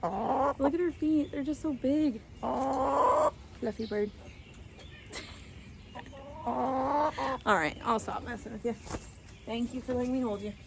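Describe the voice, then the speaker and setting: A woman chatting casually while she walks through her backyard garden and chicken coop. She rambles, laughs often, and coos softly to her hen. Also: high voice, slow, gravelly, pauses often, very noisy. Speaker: vlogger giving a garden tour. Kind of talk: casual chat.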